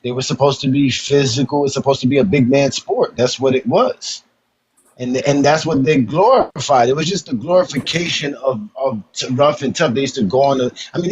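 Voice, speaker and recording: A man at an ordinary middle pitch, calmly explaining his view on a casual sports talk show. His sound is dull and lo-fi, with a faint hiss of noise underneath. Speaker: podcast co-host.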